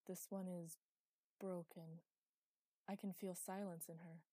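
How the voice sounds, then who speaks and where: An eerie ancient spirit speaking through a possessed girl in an audiobook, as a woman narrator puts it on, slow and distant, low and mellow in tone. Dry and close. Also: level tone, no echo.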